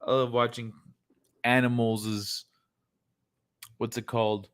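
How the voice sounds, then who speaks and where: Chill guy hosting a late night stream, laughs a lot, swears casually, mid pitch. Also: flat delivery, a little slow, clean tone. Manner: laid-back, laughing, swearing freely. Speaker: livestream host. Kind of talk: casual livestream chat reacting to clips.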